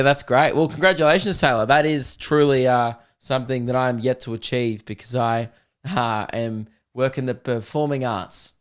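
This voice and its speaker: A young Australian man hosting a casual comedy podcast, reading out listener messages with sarcastic jokes. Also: medium pitch. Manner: joking, sarcastic, reads listener messages aloud. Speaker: podcast host.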